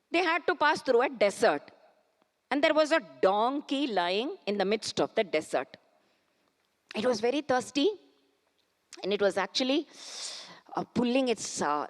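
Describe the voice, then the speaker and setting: Animated Indian woman, auditorium echo. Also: on the high side. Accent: Indian English. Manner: rapid rhetorical questions, slow chanted Sanskrit verses. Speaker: spiritual speaker. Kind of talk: spiritual discourse with storytelling. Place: large auditorium. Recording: auditorium reverb.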